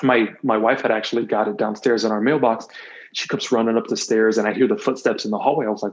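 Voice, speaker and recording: A man's voice: lowish voice, steady tone, quick pace. A man in his thirties, a podcast guest, talking earnestly and reflectively about his life. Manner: earnest, reflective, opens up freely. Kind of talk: candid personal storytelling. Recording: slightly dull, muffled audio.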